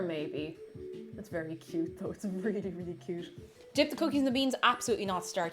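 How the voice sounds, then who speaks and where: Woman, young adult, casual stream chat, lively intonation, talks with mouth full, faint music behind. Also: fairly low pitch, fairly quick.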